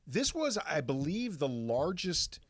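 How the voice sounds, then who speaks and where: Chill slow-talking sports radio guy, jokes around, dry mic. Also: fairly high pitch, very animated, dry recording. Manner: joking, laid-back. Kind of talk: casual sports talk radio.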